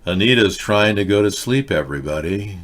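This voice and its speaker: A man hosting a live online talk show, rambling through casual commentary with wry asides to his viewers in a fairly monotone voice. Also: lowish voice, a little fast, a little hiss or hum. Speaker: host.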